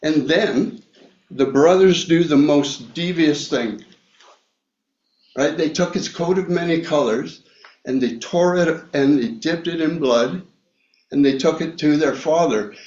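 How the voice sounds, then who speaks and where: Man preaching a bible study, real slow, lots of ums, dull echoey recording. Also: on the high side, a little mellow. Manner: slow, halting, many fillers and restarts. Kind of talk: Bible teaching sermon. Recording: echoey room, dull lo-fi sound.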